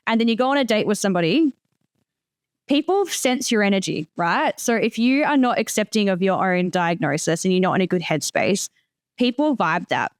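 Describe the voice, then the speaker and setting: Smooth-voiced frank woman host. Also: medium pitch, expressive, moderate pace, dry recording, clean studio sound. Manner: frank, chatty, swears casually. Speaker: podcast host. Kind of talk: casual podcast interview.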